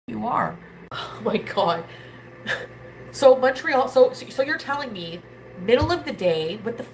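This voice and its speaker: A woman's voice: on the high side, expressive, a little slow, vocal fry, pauses often, a little hiss or hum, low-quality recording. A woman livestreamer in a crude, angry rant who hurls insults and cuts off her own swear words mid-word. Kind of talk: ranting livestream monologue.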